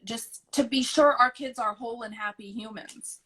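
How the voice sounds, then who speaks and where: Bright-voiced, candid mother in her forties. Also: fairly high pitch, normal speed, husky, rough recording. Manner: candid and rambling, laughs often. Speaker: guest, mother of a large family. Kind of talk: candid interview answers.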